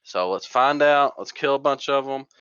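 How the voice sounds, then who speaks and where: A man chats casually on a gaming podcast, wandering through his thoughts with plenty of ums and restarts. His voice comes across smooth and clean in a dry, close space. The recording itself sounds a little dull and muffled. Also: mid-range voice, normal speed, fairly bright tone, no echo. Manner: rambling, trails off and restarts with fillers. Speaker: podcast co-host.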